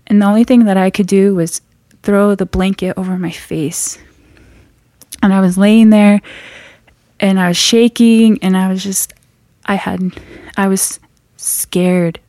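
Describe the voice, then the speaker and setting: A young woman from the Navajo Nation telling a true scary story from her own life. She halts and restarts as she builds suspense, and often drops to a hushed whisper at the tense moments. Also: medium pitch, no room sound, studio quality. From Navajo Nation, US Southwest. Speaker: guest storyteller.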